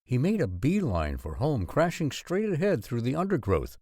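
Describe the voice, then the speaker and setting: Expressive male storybook narrator. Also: medium pitch, moderate pace, no room sound, clean studio sound. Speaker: audiobook narrator.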